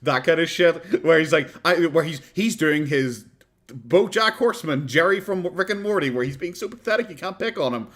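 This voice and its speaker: A man's voice: fairly high pitch, lively intonation, moderate pace, a bit bright. A man with an Irish accent giving casual, mocking commentary while watching a podcast, often laughing and rambling.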